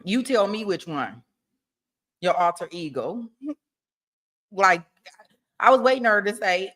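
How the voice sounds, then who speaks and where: A woman's voice: mid-range voice, expressive, unhurried, pauses often, fairly bright tone. A woman chatting casually as a livestream trial commentator, laughing often and talking straight to her viewers.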